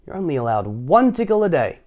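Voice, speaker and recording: A man's voice: fairly high pitch, sing-song, fairly quick, pitched above the performer's own voice. Man doing a perky little storybook magician woman. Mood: friendly. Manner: bright, bossy commands.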